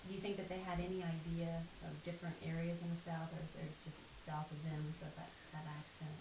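A woman interviewing someone, asking quick, probing follow-up questions. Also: low-pitched, flat delivery. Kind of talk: conversational interview. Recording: echoey room with clear hiss.

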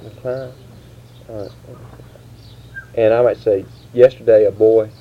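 A man interviewing, asking grammar questions in a halting way, restarting often. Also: lowish voice, steady tone. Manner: halting, restarts, slow quoted prompts. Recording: dull lo-fi tape with faint hiss.

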